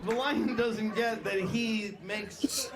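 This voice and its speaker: A middle-aged man performing a stand-up set on stage, telling rambling, animated stories with sudden yelps and put-on voices. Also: high-pitched, takes it slowly, very noisy. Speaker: stand-up comedian. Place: comedy stage before a live audience. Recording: loud audience laughter, live stage mic. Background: loud crowd laughter.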